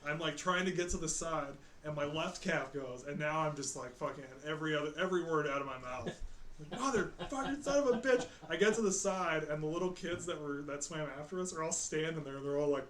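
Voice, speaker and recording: Podcast co-host, man with a raised pitch, cussing and lively, roomy studio sound. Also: fast, hardly any pauses. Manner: profane, energetic storyteller. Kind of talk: casual chat. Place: shared studio. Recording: roomy studio with faint noise.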